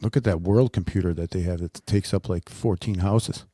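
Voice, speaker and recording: A man's voice: low voice, normal speed, mellow, no echo, studio quality. A middle-aged man co-hosting a casual talk show, telling stories and laughing at himself. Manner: storytelling, laughs often, self-deprecating. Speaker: co-host. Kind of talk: casual chat.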